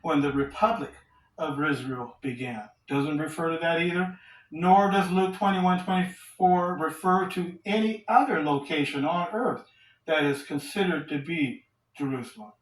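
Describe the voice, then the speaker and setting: A man teaching from the Bible in a sermon, reading verses aloud slowly and asking rhetorical questions. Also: on the high side. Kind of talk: scripture study sermon. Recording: roomy echo, distant from the mic.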